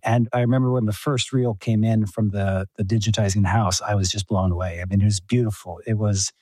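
A man's voice: on the low side, fairly even intonation, a little fast, darkish tone, no echo, poor audio. A man, a documentary filmmaker, talking earnestly in an interview with many fillers and restarts. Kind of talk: casual interview talk. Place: home room.

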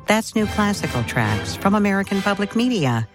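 A woman hosting a classical music radio show, giving scripted, even narration. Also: medium pitch, moderate pace. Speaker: radio host. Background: faint music underneath.

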